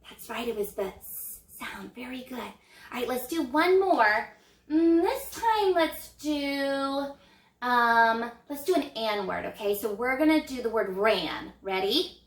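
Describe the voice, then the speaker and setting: A woman teaching an early reading lesson to young children, speaking in an encouraging, sing-song way and modeling letter sounds slowly. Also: a little high, animated, echoey room.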